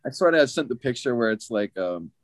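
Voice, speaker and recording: A man's voice: medium pitch, expressive, fast. An American man in casual podcast chat, rambling with many fillers and laughs. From United States.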